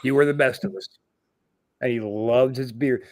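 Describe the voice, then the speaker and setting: His throat tight with feeling, a middle-aged man hosts a laid-back podcast, swearing through his stories and voicing the people he quotes. His pitch is medium and steady, his pace moderate, and the studio-quality recording has no echo.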